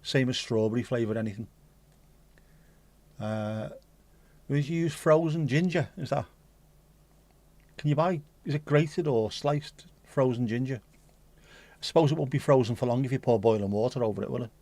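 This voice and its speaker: A man's voice: medium pitch, normal speed, long pauses, warm tone, no echo. A man with a mid-range voice hosts a casual livestream. He chats loosely with his viewers, reads their messages out and answers them, and drops the odd swear word. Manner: chatty, swears casually, answers chat aloud. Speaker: livestream host reading chat. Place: home streaming setup.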